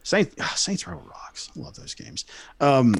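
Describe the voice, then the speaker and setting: A man's voice: fairly high pitch, lively intonation, a little slow, gravelly. A young man telling a story casually, rambling and swearing with many fillers and restarts.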